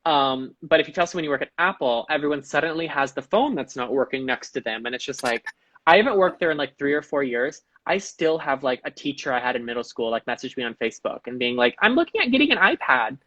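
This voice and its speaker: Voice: mid-range voice, fast talker, a bit bright, no room sound. Chatty podcast guest, dull dry sound. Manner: chatty, many "like" and "um", acts out quoted people. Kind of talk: casual chat, telling anecdotes.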